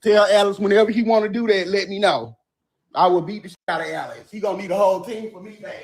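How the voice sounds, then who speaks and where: A high-pitched man rants heatedly on his livestream. He curses at commenters, shouts at times, and keeps breaking off to apologize. He talks straight into his phone or webcam mic from home. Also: fast. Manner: profane, confrontational, repeatedly apologizing.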